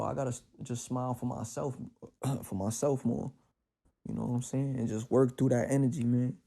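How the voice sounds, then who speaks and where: At home with his cat, this Bronx-born podcast host drifts through a relaxed spiritual monologue in his New York accent. His medium-pitched voice is creaky and mellow, and his reflective talk is slangy and streetwise, heavy on fillers.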